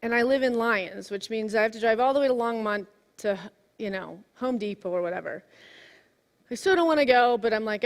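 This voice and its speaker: A woman in her forties giving a sermon, telling a personal story in a lively way that swings from hushed to exclaiming. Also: on the high side, fairly quick. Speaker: minister. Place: church sanctuary. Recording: long hall reverb.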